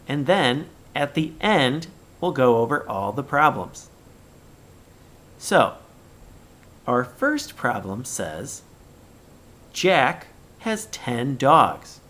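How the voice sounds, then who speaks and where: A man teaching young children in a recorded remote lesson, speaking slowly and deliberately and reading example sentences with exaggerated expression. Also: mid-range voice, fairly bright tone.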